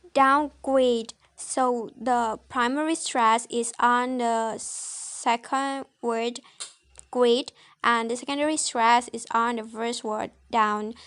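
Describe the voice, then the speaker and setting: Slow, careful young woman presenting. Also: fairly high pitch, fairly bright tone. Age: young adult. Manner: slow, careful, with hesitant restarts. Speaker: student presenter. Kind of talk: reading a class presentation.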